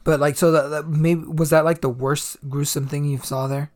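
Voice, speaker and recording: Man reacting with quick curses. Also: fairly high pitch, flat delivery, darkish tone. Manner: reacts with short, profane interjections. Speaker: podcast host.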